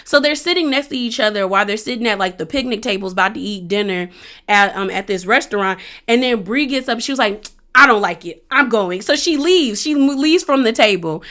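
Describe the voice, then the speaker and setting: A woman's voice: on the high side, fairly quick. Chatty, slangy young woman recapping. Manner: chatty, slangy, animated retelling with acted-out quotes. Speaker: reality TV recap host. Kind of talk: casual recap commentary.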